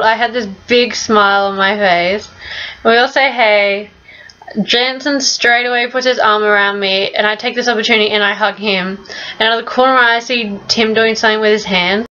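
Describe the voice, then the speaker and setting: A young woman narrating her vlog in a voice-over, telling an excited fan story with casual swearing. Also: on the high side, lo-fi sound. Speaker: vlogger.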